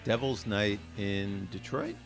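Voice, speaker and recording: A man's voice: on the low side, slow pace, vocal fry, faint music behind. A man co-hosting a podcast in casual chat, easygoing and explaining things with plenty of fillers. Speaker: podcast co-host.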